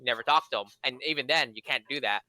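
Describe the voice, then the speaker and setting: A young man co-hosting a podcast rambles through casual stories, full of fillers and restarts. He talks fast at a medium pitch with a sharp tone.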